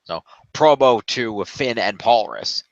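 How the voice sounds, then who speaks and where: A man co-hosting a casual podcast, summarizing the week's wrestling in quick run-on sentences and swearing offhandedly. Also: fairly low pitch, animated, creaky, no echo, muffled recording. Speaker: podcast co-host recapping wrestling. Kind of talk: casual recap chat.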